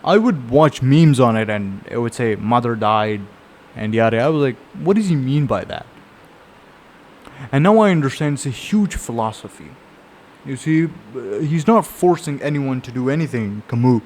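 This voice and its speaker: A man's voice: medium pitch, lively intonation, moderate pace, a little mellow, a little hiss or hum. A man with a mid-range voice talks through a novel's story in a loose, conversational way. He rambles and circles back on his points, like someone sharing a book he loved. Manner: rambling, conversational storytelling with frequent fillers and restarts. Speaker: book reviewer. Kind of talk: casual spoken book summary.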